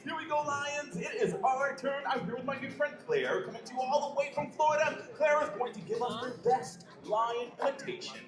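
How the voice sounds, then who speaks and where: A man hosting a live theme park pre-show, theatrical and upbeat as he warms up the crowd. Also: extremely high pitch, fairly quick, few pauses, reverberant, over music. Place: outdoor theme park stage.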